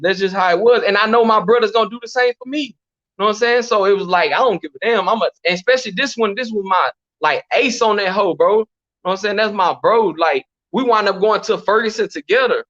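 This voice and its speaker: Texan man, slangy and animated, high bright voice, dull lo-fi recording. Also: a little fast. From Texas, USA. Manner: animated, slangy, repeats "you know what I'm saying". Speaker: guest telling prison stories. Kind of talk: casual storytelling interview.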